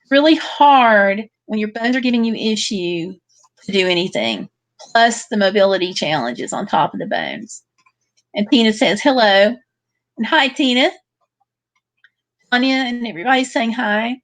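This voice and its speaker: Hosting a relaxed livestream from home, a woman with a slightly high, somewhat slow voice reads viewer comments one after another. She answers each of them in a friendly way.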